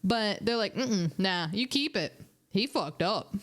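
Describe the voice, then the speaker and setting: A young woman streamer casually telling animated, chatty stories to her viewers, laughing and swearing along the way. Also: medium pitch, measured pace. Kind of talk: casual storytelling.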